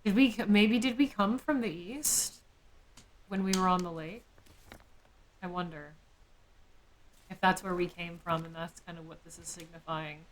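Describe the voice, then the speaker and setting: A woman with a slightly low voice muses aloud while playing a horror game live. She wonders over small details and drops jokey asides. A faint hiss sits behind her voice. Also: normal speed, long pauses, rough recording. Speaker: streamer.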